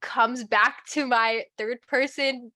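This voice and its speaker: A young woman co-hosting a podcast in casual chat, reacting in an excitable, spooked way. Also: a little high, slow, dry recording, studio quality. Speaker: podcast co-host.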